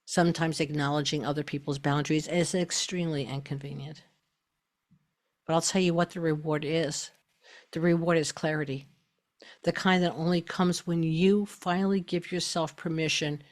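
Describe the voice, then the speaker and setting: A middle-aged woman hosting a spoken talk on self-love, chatty and emphatic. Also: sits low. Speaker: host.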